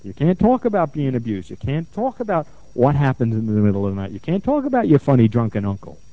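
A middle-aged man, a therapist, lecturing and telling stories from his practice, animated and given to repeating phrases for emphasis. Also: mid-range voice, fast, no echo. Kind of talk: lecture with anecdotes. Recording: dull, muffled lo-fi sound.

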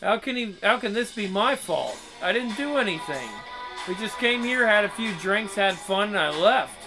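Dude reading out a game's lines, bemused and low-key, soft game music under it. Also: male voice, lively intonation, normal speed. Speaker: game player. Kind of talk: reading game dialogue aloud.

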